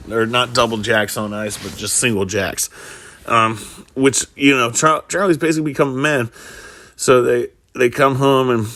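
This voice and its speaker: Rambling low-voiced man with gravelly fry. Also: a bit bright, no echo, studio quality. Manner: rambling, many fillers and restarts. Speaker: storyteller recapping a film. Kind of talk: casual spoken film recap.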